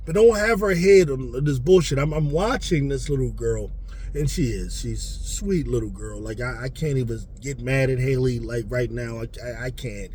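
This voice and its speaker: A man hosting a casual sports talk show, ranting in an animated, profane, rambling way with lots of fillers. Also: medium pitch, moderate pace, slight background noise. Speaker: sports commentator host.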